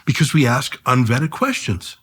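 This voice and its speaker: A man as an interview guest, talking in a quick, wry, punchy way with deadpan jokes. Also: mid-range voice, husky. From Canada. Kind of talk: conversational interview.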